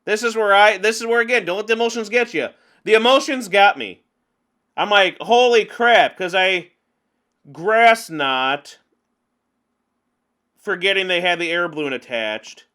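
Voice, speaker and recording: A man's voice: high-pitched, a little slow, pauses often, clean tone. Chatty man commentating a card game. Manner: chatty, talks through his frustrations with animated outbursts. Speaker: gaming channel host. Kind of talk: gameplay commentary.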